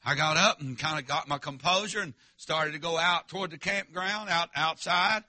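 A man preaching a revival sermon, telling a story in a folksy, emphatic way. His voice is very bright and a touch high. The sound is dry and close. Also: moderate pace, dry recording. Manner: folksy, emphatic, calls out to the congregation.

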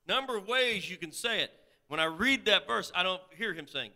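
A man preaching a sermon, reading scripture and repeating amen often, building from quiet talk to loud shouted pleading. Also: a little high, expressive, normal speed.

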